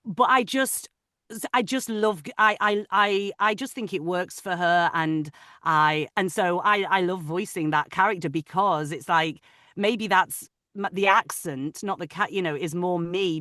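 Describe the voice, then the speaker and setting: A woman with a Manchester accent chats in an interview as an audiobook narrator. Her voice is bright and clear, and she laughs often between thoughts. The sound is dry and close, as on a video call. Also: lowish voice, unhurried, no room sound. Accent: Manchester English. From Manchester, England. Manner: chatty, laughs often, trails off softly. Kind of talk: casual interview chat.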